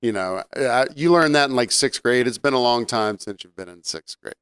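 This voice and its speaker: Smooth-voiced man telling work stories. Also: mid-range voice, moderate pace, dry recording. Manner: relaxed anecdotes with fillers and laughs. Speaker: podcast co-host, restaurant server. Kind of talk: casual chat.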